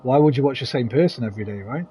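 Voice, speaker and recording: A man's voice: mid-range voice, lively intonation, rapid-fire, a crowd in the background. A man streaming a video game, chatting casually with viewers, greeting them by name and swearing freely. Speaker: gaming streamer. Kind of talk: casual live-stream chat while playing.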